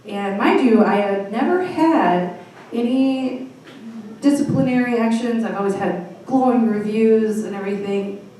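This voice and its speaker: A woman's voice: fairly high pitch, measured pace, dark tone, a little hiss or hum. A woman in her thirties with a Midwestern American accent, telling a true story onstage at a storytelling night and laughing wryly at her own bad luck. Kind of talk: live storytelling set. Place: small comedy venue. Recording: echoey room, mic from a distance.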